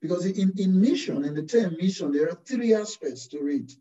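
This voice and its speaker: A man, a Carmelite priest, preaching a slow, deliberate sermon full of rhetorical questions. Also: high voice, animated, dark tone. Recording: distant, roomy, dull-sounding recording.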